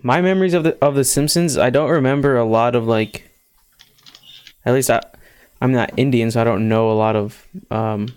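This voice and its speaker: A man's voice: medium pitch, normal speed, darkish tone, clear, resonant tone. A man chatting casually on a stream, joking and rambling with many fillers. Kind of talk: casual chat.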